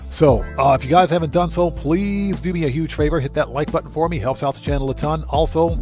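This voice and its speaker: A man's voice: a little high, brisk, a little mellow, soft background music. A man hosting a livestream, ranting indignantly and greeting chatters by name. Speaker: livestream host.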